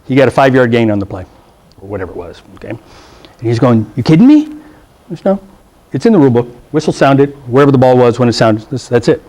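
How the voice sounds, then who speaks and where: A man's voice: mid-range voice, fast talker, a little mellow. A middle-aged man teaching a rules class to football officials, blunt and joking, checking in with "okay?" and acting out the people in his stories. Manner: acts out coaches' lines in funny voices. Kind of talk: classroom rules lecture with anecdotes. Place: meeting room.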